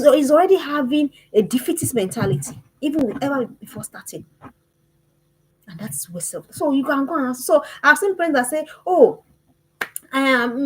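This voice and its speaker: A woman gives a parenting lesson in an emphatic, animated way, repeating her phrases and constantly posing questions to the listener. Her voice is high, and the audio quality is poor.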